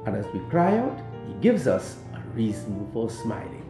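A man giving a short sermon as a priest, in slow, measured preaching with emphatic rises. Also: fairly low pitch, wildly swooping pitch. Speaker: priest giving a daily reflection. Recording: echoey room with soft guitar music.

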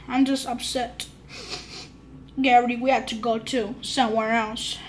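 Female voice, high-pitched, slow, stammering toy play-acting. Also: flat delivery, a little hiss or hum. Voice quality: halting, stammering delivery.

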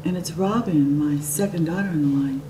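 A middle-aged woman telling a personal story in an animated way, sometimes dropping to soft whispers. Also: deep voice, brisk. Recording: distant mic with noisy background.

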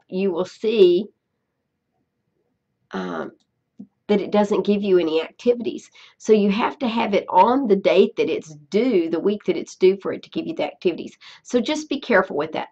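A woman teacher talking students through an online workbook, patient and repetitive. Her voice is gravelly and a bit husky, and her pitch moves a lot. The recording sounds dull and lo-fi. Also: a little mellow. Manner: patient, repeats herself, checks in with "okay?". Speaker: Spanish teacher. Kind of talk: screencast tutorial.

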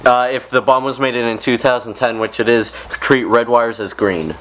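A man's voice: mid-range voice, fairly even intonation, moderate pace, fairly bright tone, a little hiss or hum. A young man hosting a party game, calling out moves and directing his friends in casual chat. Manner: upbeat, directing the group. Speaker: channel host. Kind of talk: casual group gameplay chat.

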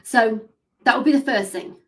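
A woman business coach gives an enthusiastic motivational talk, with a fairly high voice. She talks in an animated way and keeps dropping in "like" as she goes. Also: moderate pace. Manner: animated, enthusiastic, says "like" a lot.

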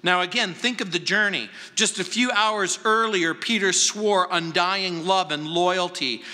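High, bright-voiced pastor in a reverberant hall. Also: male voice. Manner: deliberate, dramatic pauses and emphatic repetition. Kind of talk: verse-by-verse sermon. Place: large church sanctuary. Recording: long reverb from a large hall.

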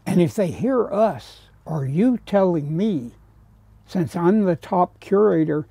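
A man's voice: high-pitched, animated, slow, vocal fry, warm tone, husky, no echo. A man from America telling anecdotes, acting out other people's lines and sometimes dropping to a whisper. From United States. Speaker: painter telling stories. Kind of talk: anecdotal storytelling.

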